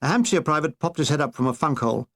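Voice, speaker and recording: A man reading his own war memoir aloud, in a dry and wry storytelling manner. His voice sits fairly high for a man. He tells the grim parts and the comic parts in the same even, matter-of-fact way. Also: fast talker. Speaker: author narrating his memoir. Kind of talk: audiobook narration.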